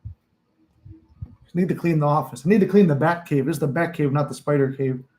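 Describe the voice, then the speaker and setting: Casting: young male life coach, slightly high voice, loose profane rambling live-stream chat from a home office. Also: brisk, mellow, low-quality recording. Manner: rambling, profane, laughs often, acts out inner voices.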